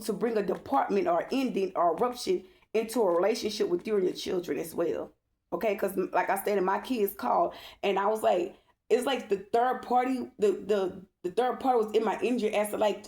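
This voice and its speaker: A woman with a gravelly, fry-tinged voice giving a spiritual tarot reading. She talks bluntly, stresses her points hard and checks in with "okay?" again and again. She swears without holding back. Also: medium pitch, fairly quick, darkish tone. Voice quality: emphatic, repeats "okay?" often. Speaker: tarot reader.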